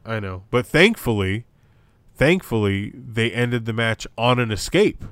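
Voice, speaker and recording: A young man co-hosting a podcast chats loosely about wrestling, rambling with many fillers and restarts. His medium-pitched voice is a little slow, a bit bright, clear and resonant, on a dry recording.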